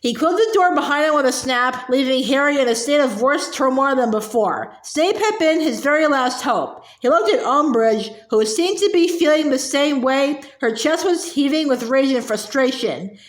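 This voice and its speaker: A woman narrating an audiobook in a steady, lightly expressive storytelling manner, with small slips, in an indoor room. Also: sits high, moderate pace, few pauses. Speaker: audiobook reader. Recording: roomy echo.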